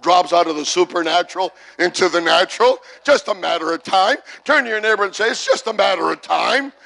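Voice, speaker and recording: Middle-aged male pastor, high and gravelly, repetitive call-and-response sermon delivery. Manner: repetitive call-and-response preaching, builds to shouts. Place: church service.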